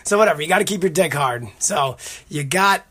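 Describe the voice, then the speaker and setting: A man's voice: fairly high pitch, expressive, a little fast, fairly bright tone, breathy edge. A man hosting a podcast, telling rambling, profane stories in casual chat. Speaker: podcast host.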